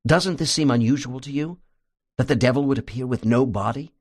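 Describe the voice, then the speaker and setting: A calm therapist guiding a patient, read by a man in an audiobook. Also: medium pitch, fairly quick, lightly acted. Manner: calm, reassuring. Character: calm male hypnotherapist, reassuring.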